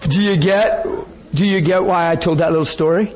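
A man's voice: high-pitched, fairly even intonation, normal speed, hardly any pauses, crowd noise. A man preaching a sermon, telling stories with laughter and quoted voices.

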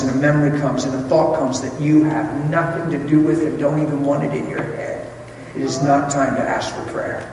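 A male preacher giving an animated, conversational sermon and acting out scenes for the congregation. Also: on the high side, slight background noise. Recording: echoey hall from far off.

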